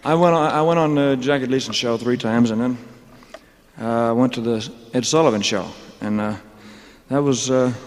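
A man's voice: mid-range voice, a little mellow. Joking man rambling in a big hall. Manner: loose, joking, drawling asides full of "man" and "you know". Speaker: singer telling his career story on stage. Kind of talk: rambling stage monologue. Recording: long hall reverb.

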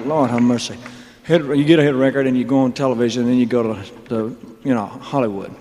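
A man on a concert stage rambles through a story, cracking jokes and laughing at himself between lines. His voice sits at an ordinary male pitch. A long concert-hall reverb trails after every phrase. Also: fairly quick, darkish tone, slight background noise. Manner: rambling, joking, with laughing asides. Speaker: stage performer. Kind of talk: onstage storytelling monologue.

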